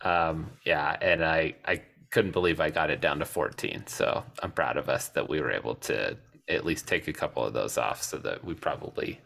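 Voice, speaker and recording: A man's voice: extremely low pitch, normal speed, creaky, few pauses. A man co-hosting a podcast, chatting casually about a film, laughing easily and poking fun at himself. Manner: laughs easily, lively and self-deprecating. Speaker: podcast co-host. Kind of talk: casual chat about a movie.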